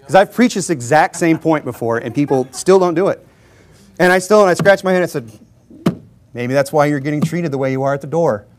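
A man with a fairly high voice delivers a sermon in a loose, conversational way. He jokes and chuckles as he goes and drives his points home with emphatic rhetorical questions to the congregation. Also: expressive, fairly quick. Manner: informal and joking, often chuckling. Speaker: Baptist preacher.

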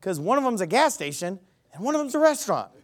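High-voiced man preaching emphatically. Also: sing-song, quick pace. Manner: emphatic, quizzes the crowd with rhetorical questions. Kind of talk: sermon.

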